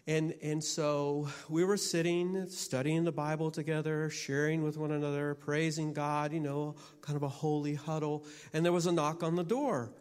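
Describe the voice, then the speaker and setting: Halting man telling a story, reverberant hall. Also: on the high side, level tone, a little mellow, clean tone. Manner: halting, repeats his starts. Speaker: minister and teacher. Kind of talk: personal story in a sermon.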